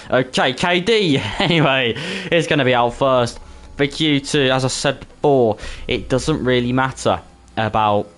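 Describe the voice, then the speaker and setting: Man, Brummie accent, live sim racing commentary, chatty and jokey, clear smooth voice. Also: mid-range voice. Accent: Birmingham (Brummie). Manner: chatty, laughs easily, stumbles over names. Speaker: esports race commentator. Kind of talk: live-streamed race commentary.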